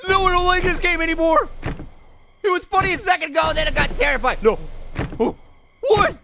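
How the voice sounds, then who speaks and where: A man doing a shrill, gravelly cartoon fruit gamer. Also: brisk, faint music behind, full character voice. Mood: panicked. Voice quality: high, gravelly voice. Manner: excitable, yelps and shrieks at scares, repeats himself. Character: hyper, wisecracking cartoon fruit gamer, male. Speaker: let's play commentator. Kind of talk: let's play commentary.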